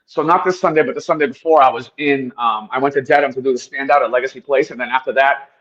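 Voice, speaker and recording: A man's voice: medium pitch, steady tone, fast talker, a bit bright, dull audio. A man talking heatedly in a casual chat on a video call. He swears a lot and restarts his words. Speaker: guest on a livestream.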